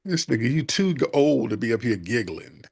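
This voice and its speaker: A man's voice: medium pitch, very animated, fairly quick, creaky, husky. A man hosting a live call-in show, brash and profane, teasing callers with laughter. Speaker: show host.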